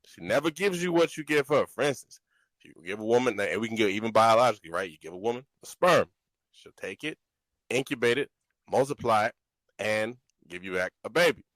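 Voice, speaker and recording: A man's voice: on the low side, animated, brisk, a bit bright, dry recording, poor audio. A man hosting a podcast in casual chat, playful as he leads a game of set scenarios. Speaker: podcast host.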